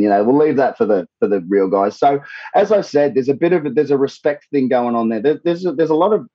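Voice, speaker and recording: A man's voice: medium pitch, expressive, fast, breathy edge, dry recording, lo-fi sound. An Australian man, a singer, chatting casually in an interview, swearing freely and rambling with many restarts. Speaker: tribute band singer, guest.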